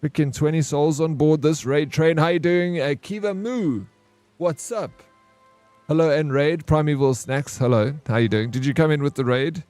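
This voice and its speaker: In a dry recording with faint music behind him, a variety streamer with a South African accent speaks at a normal speed in a fairly high, darkish voice. He keeps up a joking, teasing banter with viewers during a casual gaming live stream, greeting and thanking them.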